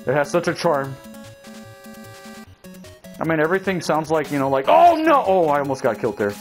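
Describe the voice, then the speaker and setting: A young man giving casual gameplay commentary, swearing, shouting at enemies and talking to his viewers as he plays. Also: a little high, fairly quick, soft background music. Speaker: let's play gamer.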